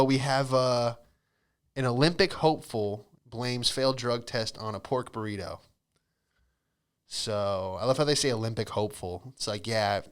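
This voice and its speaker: His voice is fairly low, with a clean and fairly bright tone. Hosting a podcast, he rambles through comedic stories, swearing frequently and cutting himself off.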